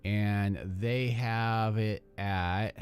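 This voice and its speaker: A man's voice: fairly low pitch, fairly even intonation, drawn-out words, clear, resonant tone, faint music behind. A man hosting a live hobby stream, chatting loosely with lots of fillers and half-finished thoughts while building a model kit. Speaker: hobby channel host.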